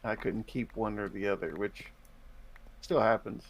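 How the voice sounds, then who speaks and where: A man's voice: fairly low pitch, moderate pace, slightly rough. A man from the United States co-hosting a live game stream in casual chat, explaining game mechanics at length in a thoughtful way. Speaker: stream co-host.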